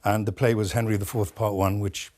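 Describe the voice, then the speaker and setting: A Welsh-born man speaking as a studio guest in a broadcast interview, telling a story with many pauses and fillers. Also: on the low side, level tone, a little mellow. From Wales.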